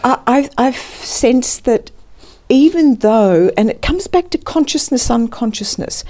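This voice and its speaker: A woman's voice: fairly high pitch, animated, unhurried, warm tone. A woman, a counselor and former midwife, talking reflectively in an interview, searching for words with many restarts.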